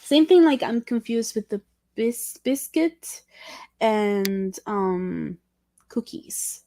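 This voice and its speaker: A woman's voice: a little high, animated, slow pace, dark tone, no room sound. A woman whose first language is Spanish, chatting casually on a livestream in a rambling, curious and apologetic way.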